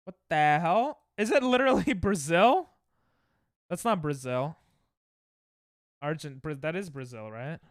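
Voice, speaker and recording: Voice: mid-range voice, lively intonation, normal speed, smooth, no echo, studio quality. A young adult streamer chatting casually with viewers while playing, reacting to chat and laughing often. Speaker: Twitch streamer.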